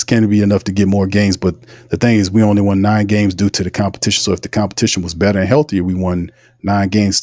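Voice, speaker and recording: Male sports host, low-pitched, ranting, dry sound. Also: a little mellow, dry recording. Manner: heated, ranting, repetitive. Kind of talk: casual livestream commentary.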